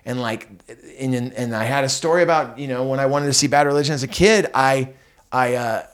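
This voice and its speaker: A middle-aged comedian telling a story in casual chat, acting out the voices of the people in it. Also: male voice, mid-range voice, fairly quick. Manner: animated storyteller, acts out voices of others. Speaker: comedian guest.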